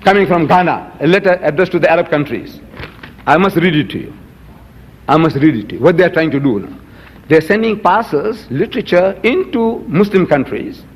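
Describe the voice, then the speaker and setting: Older male lecturer, high-pitched, emphatic and repetitive, recorded with hall echo. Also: lively intonation, brisk, breathy edge. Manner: emphatic, repeats words. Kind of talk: public lecture.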